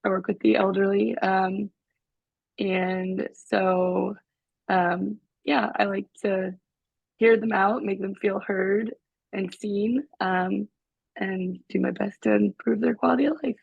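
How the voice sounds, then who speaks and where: Brief: soft-spoken woman with a gravelly, husky voice on a dull call line. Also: medium pitch, steady tone, takes it slowly, dry recording. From Florida. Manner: hesitant, many ums, gentle. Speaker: new team member introducing herself. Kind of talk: self-introduction on a video call. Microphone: video call. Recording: dull, dry video call audio.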